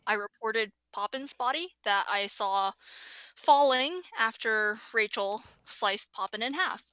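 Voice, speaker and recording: A woman's voice: on the high side, measured pace, sharp tone, smooth, no echo. A woman bluntly accusing another player in a casual gaming chat. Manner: direct, accusing.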